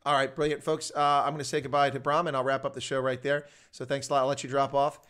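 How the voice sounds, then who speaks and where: A male host from the United States who talks quickly and at length. His chat is loose and enthusiastic, full of restarts and asides. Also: mid-range voice, level tone, a bit bright, clean tone. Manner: chatty, rambling, enthusiastic. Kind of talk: casual interview chat.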